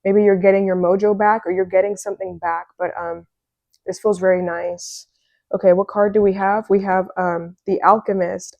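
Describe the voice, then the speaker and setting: A woman giving a casual, excitable tarot reading, chatty and full of fillers. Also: medium pitch, normal speed, vocal fry, no room sound, muffled recording. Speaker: tarot reader.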